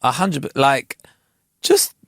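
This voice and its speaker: A man, co-hosting a podcast and telling a story in a casual, animated way full of slang. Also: medium pitch, slow pace, no room sound, clean studio sound. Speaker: podcast co-host. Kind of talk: casual chat.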